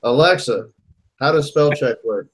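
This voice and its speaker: A man's voice: medium pitch, expressive, unhurried. A man in casual chat among friends, dropping dry wisecracks.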